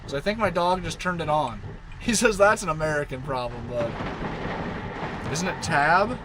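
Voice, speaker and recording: A man's voice: a little high, lively intonation, moderate pace, noisy background. A man chatting casually on a live stream, rambling and talking baby talk to his dog.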